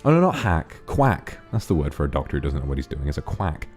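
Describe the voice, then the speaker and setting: A man's voice: extremely low pitch, sing-song, fast talker, a little mellow, faint music behind. A man streaming casually, rambling about ideas and thanking donors one by one. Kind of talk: casual stream chat reading donations.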